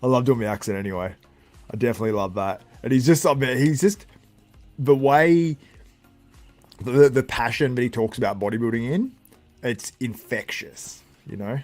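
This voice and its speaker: A man's voice: mid-range voice, moderate pace, a little mellow, soft background music. Man with a tired, sore voice. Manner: chatty, reacts to chat with laughs. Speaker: livestream host. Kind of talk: casual live commentary.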